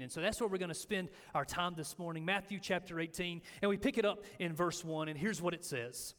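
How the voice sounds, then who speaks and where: A man preaching a sermon as pastor, telling stories and acting out the quotes with lively energy. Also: fairly high pitch. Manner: animated storytelling, acting out quotes. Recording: echoey hall with long reverb.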